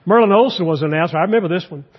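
A man's voice: high voice, very fast, big-room sound, lo-fi sound. A man, a guest preacher giving a folksy, conversational sermon with humor in a church. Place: church sanctuary.

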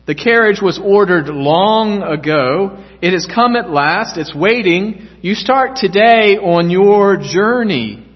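A man reading aloud, voicing a brisk, insistent male carriage driver who gives curt, firm orders. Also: high voice, lively intonation, husky, voice pushed up, full character voice. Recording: echoey church hall, dull lo-fi sound.

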